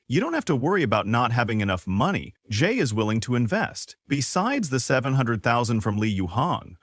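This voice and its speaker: A man's voice: mid-range voice, dry recording, clean studio sound. A man narrating a recap of a comic story in a scripted storytelling style, reading the characters' lines as part of the telling. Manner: lively storytelling, quoting characters' lines in passing.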